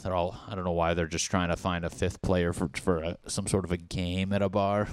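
Young male podcast host, fairly low voice, dry close mic, rambling and foul-mouthed. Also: brisk, clear, resonant tone, no echo. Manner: profane, rambling, excitable. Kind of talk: casual rambling monologue.

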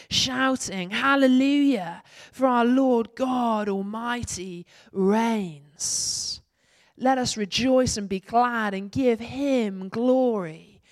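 Slow, expressive woman preaching a sermon. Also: mid-range voice. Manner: slow, expressive reading that lifts for the shouted praise. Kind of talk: sermon with scripture reading. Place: church.

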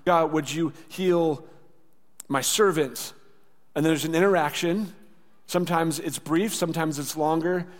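Guy preaching a sermon, chatty, acts out the quotes, kinda high voice, big echoey church. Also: fairly even intonation, unhurried. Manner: conversational, acts out quoted lines, drops soft for tender words. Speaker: pastor. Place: church sanctuary. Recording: church hall with long reverb.

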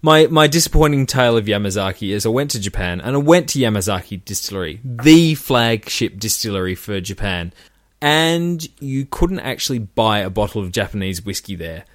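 A man's voice: on the low side, lively intonation, brisk, no room sound, clean studio sound. A man co-hosting a casual podcast, hammy and mock-dramatic. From Tasmania, Australia. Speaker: podcast co-host.

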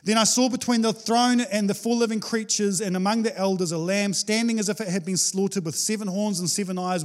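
A man preaching a sermon, reading scripture and explaining it in a casual, animated way with playful asides. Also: high-pitched. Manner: animated, playful, acts out quoted voices with laughs.

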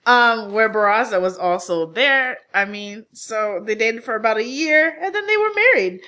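A woman's voice: on the high side, expressive, normal speed, pushed and bright. A woman co-hosting a podcast in casual chat, answering briefly and laughing along. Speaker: podcast co-host.

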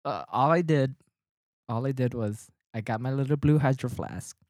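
A man on a podcast telling a story in casual chat, animated, swearing and laughing as he gets worked up. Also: mid-range voice, moderate pace, no room sound, clean studio sound.

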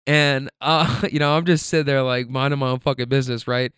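A medium-pitched man with a steady, slightly bright, clear and resonant voice tells stories briskly on his podcast. His casual monologue rambles, swears, and leans heavily on fillers, recorded at studio quality with no room sound.

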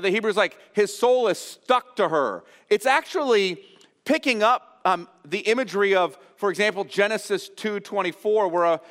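Man, pastor, earnest sermon, restates phrases, slightly high voice, reverberant church hall. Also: a bit bright. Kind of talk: expository sermon. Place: church sanctuary.

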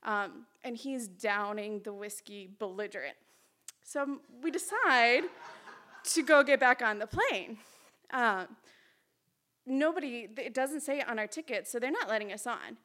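A woman telling a personal story at a live storytelling event, chatty, lively and self-mocking, on a stage mic in a small hall. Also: on the high side, a little slow.

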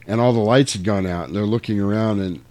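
A man's voice: lowish voice, fast talker, dry recording. A man in casual chat, telling a movie plot scene by scene, acting out the quotes and swearing freely. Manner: animated storytelling, acts out quotes, swears freely.

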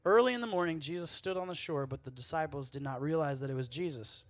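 A man giving a casual, conversational sermon at a youth camp, playful and quick to act out the lines he quotes. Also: on the high side, lively intonation, no room sound.

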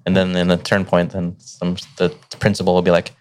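A middle-aged man, a teacher telling stories in a relaxed, rambling way full of fillers. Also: low-pitched, a little fast, clear, resonant tone. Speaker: teacher and podcast guest. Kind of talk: casual conversation.

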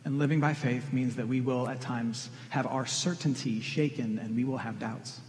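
A man's voice: mid-range voice, steady tone, normal speed, darkish tone, slight background noise. A middle-aged man preaching a sermon, earnest and direct, pressing questions on his congregation. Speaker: pastor. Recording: long reverb of a large hall.

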